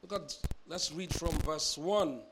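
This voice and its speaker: A man with a Nigerian accent, preaching a sermon and reading scripture in a measured, emphatic way. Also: a little high, background noise. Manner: measured, with emphatic drawn-out phrases. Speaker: pastor.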